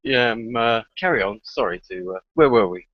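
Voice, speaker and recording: A man's voice: medium pitch, expressive, normal speed, no echo, muffled recording. A man hosting a casual podcast in a friendly, easygoing way, with light hesitations. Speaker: podcast host. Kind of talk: casual chat.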